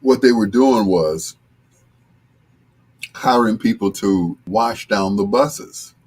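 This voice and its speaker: Deep husky older man, slow chat. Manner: relaxed, joking, chatty, often trails off. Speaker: host reading viewer comments. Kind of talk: casual live-stream chat.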